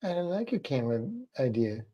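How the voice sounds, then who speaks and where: A woman voicing her female pet lizard as fussy and unimpressed, in a low, quiet, sulky mutter. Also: big pitch swings, brisk, muffled recording, full character voice. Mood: grumpy.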